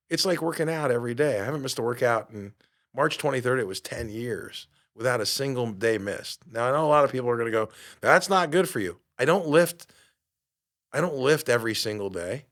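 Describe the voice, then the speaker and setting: Middle-aged male podcast host, mid pitch, emphatic and preachy, lots of rhetorical questions, curses casually. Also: a bit bright. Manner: swears casually. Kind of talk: motivational podcast talk.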